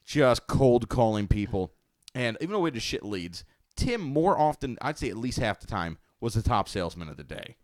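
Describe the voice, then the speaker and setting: A man in a casual livestream chat, recounting stories in a dry, low-key manner. He speaks at a middle pitch, with the sound close and dry. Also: very animated, normal speed, no room sound. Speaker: livestream co-host.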